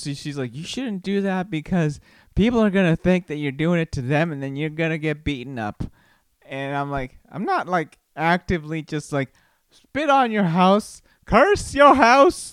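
A man hosts a casual solo podcast and rambles through stories with jokes, fillers and self-corrections. His voice sits a little high for a man and comes through smooth and clear. The sound is dry and close on the mic. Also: dry recording. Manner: rambling, joking, many fillers and restarts. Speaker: podcast host.

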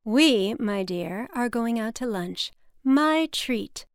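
A woman's voice: a little high, animated, slow pace, clean tone, dry recording, studio quality. Woman putting on a brash, brassy paranoid mother. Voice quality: brassy and blunt.

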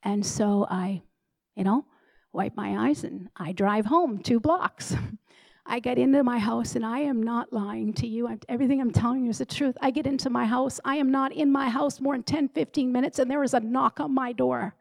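A woman in ministry giving a lively personal testimony to a congregation, acting out the dialogue as she tells it. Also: fairly high pitch, normal speed, gravelly, no room sound, low-quality recording. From Canada. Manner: animated storyteller who acts out dialogue. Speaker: ministry leader.

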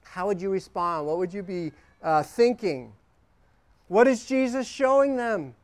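A middle-aged man preaching with a high, smooth, clear voice. He speaks slowly and earnestly, sinking into hushed, prayerful lines and then lifting with excitement. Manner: earnest, prayerful, swings between hushed and animated. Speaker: pastor. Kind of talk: sermon.

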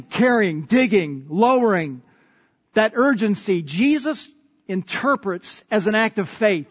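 A male pastor delivers an earnest sermon, pressing his points through repetition. His voice sits high and moves at a slow, deliberate pace. The recording is dull and lo-fi, and a long reverb hangs after each phrase.

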